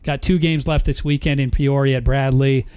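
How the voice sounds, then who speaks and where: A man's voice: medium pitch, steady tone, normal speed, a little mellow, smooth. Young male sportscaster guest, cheerful, tells stories on himself. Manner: upbeat storyteller, laughs at himself. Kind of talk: casual sports radio chat.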